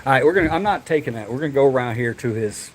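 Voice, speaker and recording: A man with a drawl talks to his viewers on a walk around a zoo. He jokes, chats and lets the odd curse slip, at an ordinary pitch, with a soft outdoor hum behind him. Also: lively intonation, rapid-fire, poor audio. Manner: chatty, joking, swears and yells animal names. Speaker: vlogger. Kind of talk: casual vlog walkthrough.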